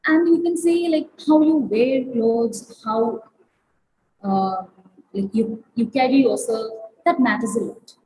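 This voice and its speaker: A woman giving an online workplace training lecture, talking haltingly with many fillers and restarts. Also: a little high, a little mellow, poor audio. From India. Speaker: webinar trainer.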